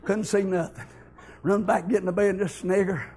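A male preacher, telling stories in a fervent sermon that builds to impassioned shouting. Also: high-pitched, fairly even intonation, fairly quick.

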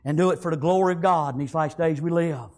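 Male preacher, high voice, fervent, keeps saying praise god, bursts into shouts. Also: fast talker. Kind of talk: sermon.

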